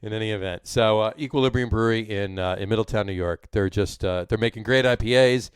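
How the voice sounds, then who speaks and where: A man's voice: fairly low pitch, quick pace, smooth, dry recording. A man with a New Jersey accent co-hosting a casual podcast, rambling with many fillers and restarts. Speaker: podcast co-host. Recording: noisy recording.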